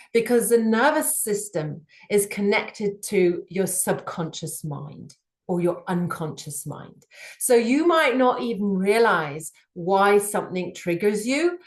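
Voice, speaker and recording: Unhurried female speaker, singing background, thoughtful explainer, roomy reverb. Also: medium pitch. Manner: measured, thoughtful, with frequent fillers. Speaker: singing professional analyzing voices. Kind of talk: explanatory talk to camera.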